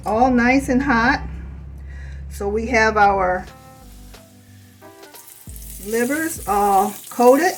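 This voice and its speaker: A woman hosting a home cooking demonstration, chatty and unhurried, speaking to viewers as "you guys", a little hoarse from a lingering cough. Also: a little high, rough recording. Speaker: cooking channel host.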